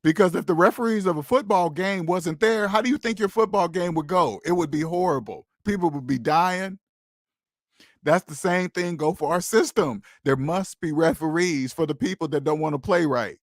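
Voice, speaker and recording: A man with a somewhat high voice talks straight to his viewers on a casual livestream. He lectures with emphatic, preachy repetition. The sound is close and dry, with no room around it. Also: moderate pace, no room sound. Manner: emphatic and preachy, repeats phrases, addresses viewers directly. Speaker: host of a personal finance livestream.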